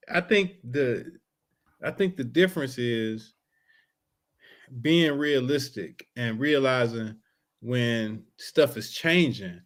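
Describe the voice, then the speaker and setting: A man's voice: medium pitch, expressive, slow, long pauses, a bit bright. A man co-hosting a podcast in casual chat, laid-back and matter-of-fact. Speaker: podcast co-host.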